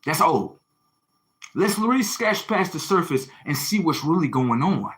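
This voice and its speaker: A man's voice: fairly high pitch, sing-song, a little slow, a bit bright. Man lecturing hard on a livestream. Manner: confrontational, lecturing, full of rhetorical questions; slangy, swearing, repeats phrases for emphasis. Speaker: livestream host. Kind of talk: preachy livestream monologue.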